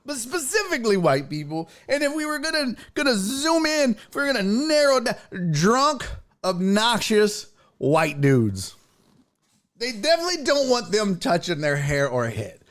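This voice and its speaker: Animated, swearing male storyteller. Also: very high-pitched, moderate pace. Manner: animated, profane, laughs often. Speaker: sports talk show host. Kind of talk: casual comic storytelling.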